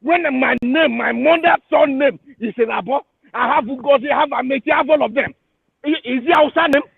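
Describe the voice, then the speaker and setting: A man with a Nigerian English accent, calling in and ranting in fury, shouting and hurling repeated insults. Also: very high-pitched, brisk, vocal fry, dry recording. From Igbo region of Nigeria. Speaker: caller. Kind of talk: angry call-in rant. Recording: tinny phone line.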